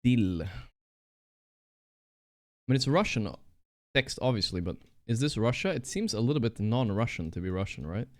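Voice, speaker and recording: A man streaming a geography guessing game, thinking out loud, excitable and trash-talking his opponent. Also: medium pitch, normal speed, long pauses. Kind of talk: casual live-stream commentary while playing.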